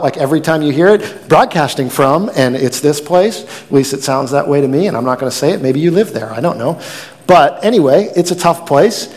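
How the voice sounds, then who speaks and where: A man's voice: medium pitch, darkish tone, in a large hall. A man preaching a sermon as pastor, telling stories with animation and acting out quoted lines.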